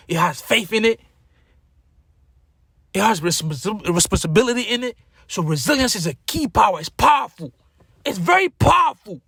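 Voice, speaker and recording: A man with a husky, fairly high voice gives an impassioned motivational speech. He preaches hard, swinging between low, intense stretches and loud, emphatic peaks, and hammers home repeated key words. The room sounds dry and close. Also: dry recording. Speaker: motivational speaker.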